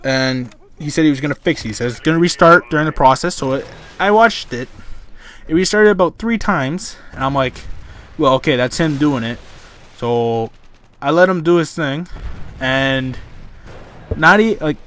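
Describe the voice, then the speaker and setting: A young man talks over his gameplay, his voice sitting a little high for a guy. He rambles and restarts his sentences, sounding fed up as he tells the story, in casual gaming-commentary style. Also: animated, normal speed, fairly bright tone. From Canada. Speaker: gaming YouTuber.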